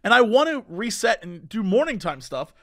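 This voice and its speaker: High bright guy on a podcast, animated storytelling, dry close mic. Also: normal speed, no room sound. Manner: animated storyteller who swings between loud bursts and mumbled asides. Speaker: podcast co-host. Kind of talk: casual chat, storytelling.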